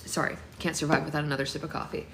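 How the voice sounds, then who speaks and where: A woman hosting a book club, reading a novel aloud in a lively, expressive way. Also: low voice, very fast, reverberant, slight background noise.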